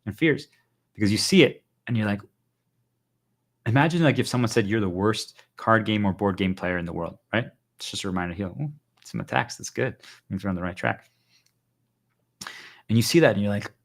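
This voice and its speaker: A man's voice: fairly low pitch, fast. A male livestreamer giving an urgent, insistent motivational monologue to his viewers, hammering points home with repeated phrases.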